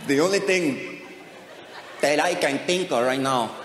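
A man doing stand-up, telling a sarcastic story about his family. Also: a little high. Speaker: comedian. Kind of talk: stand-up comedy. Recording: echoey hall, audience noise.

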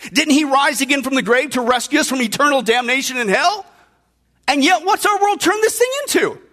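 A man's voice: very high-pitched, pushed and bright. A man preaching a sermon who keeps putting emphatic rhetorical questions to his listeners.

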